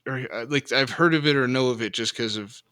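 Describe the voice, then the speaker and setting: A man's voice: medium pitch, fairly quick, pushed and bright, smooth. A middle-aged man co-hosting a podcast, rambling and self-deprecating in casual chat. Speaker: podcast co-host.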